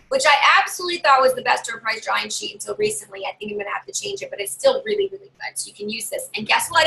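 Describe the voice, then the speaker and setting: A woman giving chatty, animated tips as a direct sales consultant in a casual live video. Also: quick pace, gravelly, few pauses, low-quality recording. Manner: chatty, animated, acts out customers in higher voices.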